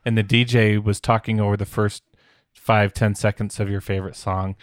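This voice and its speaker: A man's voice: on the low side, flat delivery, normal speed, dry recording, clean studio sound. A man co-hosting a podcast, chatting casually and nostalgically. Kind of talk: casual chat.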